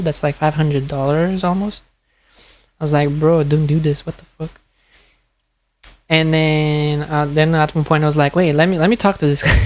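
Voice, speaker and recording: Chatty man telling stories. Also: on the high side. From Brazil. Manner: chatty storytelling, laughs often, swears. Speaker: streamer reacting to a video. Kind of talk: casual chat.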